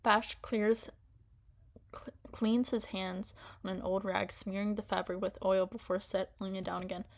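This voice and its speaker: A woman's voice: medium pitch, level tone, unhurried. Young woman chatting and reading, stumbling. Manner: stumbling, restarting, giggly. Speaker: streamer reading a story aloud. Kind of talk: casual chat and reading aloud.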